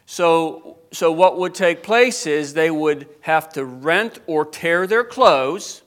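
A man preaching a sermon and reading scripture aloud, building from slow teaching to loud, fervent preaching. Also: fairly high pitch, expressive. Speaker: pastor.

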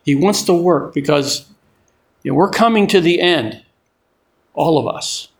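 A man's voice: on the high side, measured pace, creaky. An older man preaching a sermon in a conversational way, often repeating and restarting his words.

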